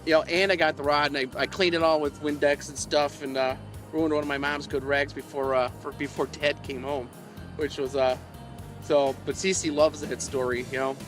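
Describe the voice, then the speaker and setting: A man's voice: on the high side, level tone, normal speed, music in the background. A man on a live fishing stream, rambling through old stories with plenty of chuckles and self-mockery, talking to his chat. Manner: chuckling, meandering, self-mocking. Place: outdoors by the water while fishing.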